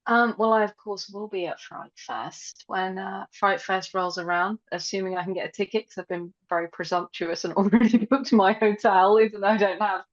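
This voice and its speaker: A woman's voice: medium pitch, fairly even intonation, moderate pace, few pauses, muffled recording. A woman guest on a podcast, talking casually in a cheeky way, laughing and swearing.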